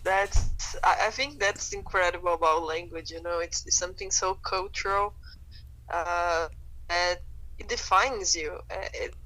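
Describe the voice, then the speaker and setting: A woman's voice: lowish voice, fairly even intonation, measured pace, sharp tone, rough recording. Hesitant woman. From Brazil. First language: Portuguese. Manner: hesitant, laughs often, many fillers. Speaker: guest. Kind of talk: casual conversation.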